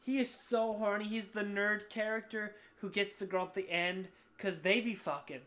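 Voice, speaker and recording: A man's voice: high voice, steady tone, normal speed. Drunk rambling man on a podcast. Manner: rambling, loud, profane. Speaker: podcast co-host. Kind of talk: casual chat. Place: at home, on the floor.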